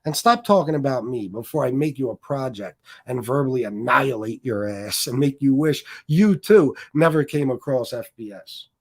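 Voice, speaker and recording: A man hosting a livestream rants combatively, swearing heavily and taunting his critics. His mid-range voice is expressive, at a moderate pace with few pauses.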